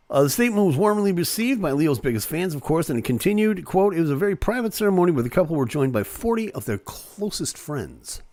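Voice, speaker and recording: A man's voice: fairly high pitch, a little mellow, no echo. A man hosting a live online show, casually reading celebrity news aloud with playful jokes and asides.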